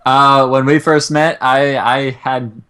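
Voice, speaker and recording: A young man co-hosting a casual chat, talking in long, excitable, profane rants. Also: mid-range voice, takes it slowly, clear, resonant tone. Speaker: co-host.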